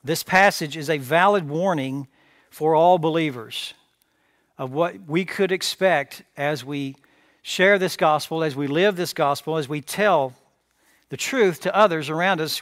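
A man's voice: a little high, fairly bright tone, dry recording, clean studio sound. A man preaching a sermon as pastor, emphatic, repeating phrases and asking rhetorical questions. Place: church sanctuary.

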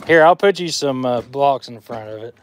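A man's voice: mid-range voice, expressive, normal speed. A father in casual, slangy banter, filming his son outdoors near a running vehicle. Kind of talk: casual chat.

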